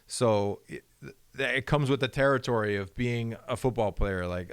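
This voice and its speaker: A man who once played football, co-hosting a casual sports chat and talking in an animated way. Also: mid-range voice, normal speed, clear, resonant tone. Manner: animated, acts out voices of others. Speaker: co-host, former football player.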